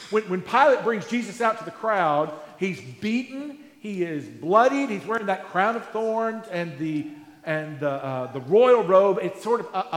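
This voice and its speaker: A male pastor preaching a sermon in a conversational way, asking rhetorical questions and restarting his phrases. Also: sits high. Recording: echoey hall.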